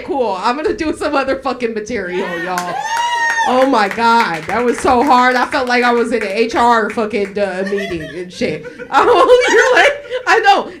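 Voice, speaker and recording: Woman stand-up, 40s, a little high-voiced, profane and deadpan, live at a small cafe. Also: very noisy. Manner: brash, profane, deadpan about dark topics. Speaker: stand-up comedian.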